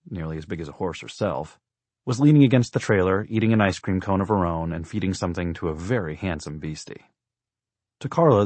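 A man reading a novel aloud as an audiobook narrator, in a measured, wry storytelling manner. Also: deep voice, darkish tone, no room sound. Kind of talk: scripted narration.

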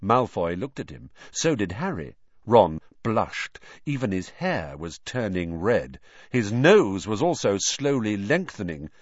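A man narrating a storybook in an expressive, animated reading style. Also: on the low side, a little slow, no echo. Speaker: audiobook narrator. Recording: dull lo-fi dry audio.

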